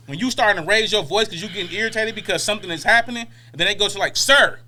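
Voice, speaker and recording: A man co-hosting a podcast in casual chat, animated and joking, often acting out other people's voices. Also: high-pitched, racing, a little hiss or hum. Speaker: podcast co-host.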